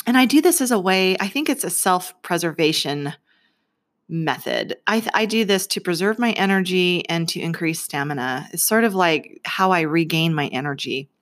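A woman in her forties talks casually to camera. Her voice sits a little low, and she laughs easily while she tells a story. She slips into other people's voices as she goes. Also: lively intonation, moderate pace, fairly bright tone. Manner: chatty, laughs often, acts out voices in her stories. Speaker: vlogger.

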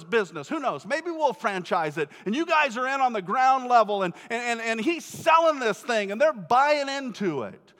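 A man preaching a sermon, telling the story with lively acted-out voices and frequent word repeats. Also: extremely high pitch. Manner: animated storytelling, acts out quoted voices, repeats words. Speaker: pastor. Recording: long hall reverb.

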